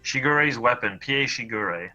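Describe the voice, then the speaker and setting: A man's voice: medium pitch, expressive, normal speed, sharp tone, lo-fi sound, faint music behind. A man co-hosting a casual livestream, giving easygoing advice on game builds. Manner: easygoing, advising. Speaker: co-host.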